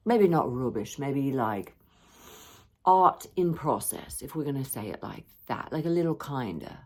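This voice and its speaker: Playful woman podcast host, low-pitched voice, chatty and self-mocking, jumps into high excited bits. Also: unhurried. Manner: playful, self-teasing, bursts of high animated emphasis. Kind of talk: casual solo podcast chat.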